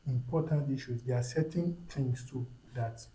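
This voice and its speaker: A man's voice: mid-range voice, normal speed, warm tone. A man with a Nigerian accent, a guest on a casual podcast discussion, talking emphatically, repeating himself and slipping into pidgin phrases. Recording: roomy echo.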